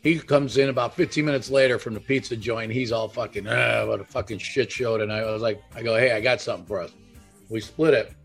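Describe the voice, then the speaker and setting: A man's voice: medium pitch, steady tone, fast talker, breathy edge. A middle-aged man in a loose podcast chat. He tells rambling stories, swears freely and leans on "you know" and "I was like". Faint music plays behind him. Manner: profane storytelling, lots of "I was like" and "you know". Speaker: podcast co-host. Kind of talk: casual chat.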